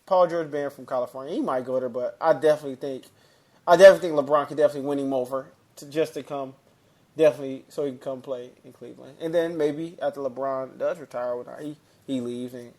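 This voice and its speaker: A man co-hosting a podcast, talking sports in a casual, animated way, repeating himself and restarting sentences. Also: mid-range voice, quick pace. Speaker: podcast co-host.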